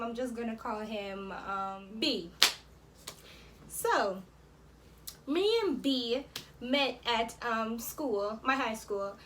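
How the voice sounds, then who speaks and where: A woman's voice: fairly high pitch, a bit bright, a little hiss or hum. An eighteen-year-old woman from Jamaica, telling a story casually to camera with lots of "um" and "like". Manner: chatty, many fillers like "um" and "like". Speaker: vlogger.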